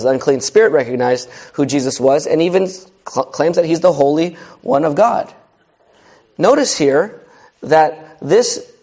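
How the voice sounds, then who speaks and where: A man's voice: fairly high pitch, darkish tone, lo-fi sound. A male pastor preaching a sermon in a direct, conversational way, often putting questions to his listeners.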